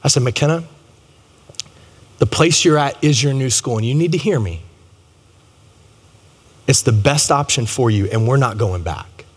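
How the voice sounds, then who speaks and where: A man's voice: mid-range voice, expressive, measured pace, pauses often, husky. A man, preaching a sermon in a conversational, humorous way and talking straight to the crowd. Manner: conversational and humorous, addresses audience directly. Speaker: pastor. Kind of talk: storytelling sermon. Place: large chapel. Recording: long hall reverb.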